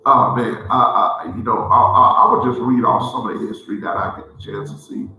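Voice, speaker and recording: A man's voice: lowish voice, brisk, pushed and bright, soft background music. A man hosting a cigar show, talking in a casual heartfelt way and rambling, often repeating himself as he restarts his thoughts. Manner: rambling, repeats "let me say it like this here". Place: large indoor room in a historic building. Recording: very echoey room.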